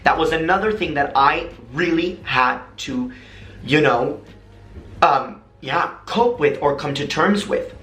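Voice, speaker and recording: A man's voice: fairly high pitch, unhurried, pushed and bright. An American man talking casually to camera, telling stories animatedly and dramatically and switching into imitated voices. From United States. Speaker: vlogger. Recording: echoey room.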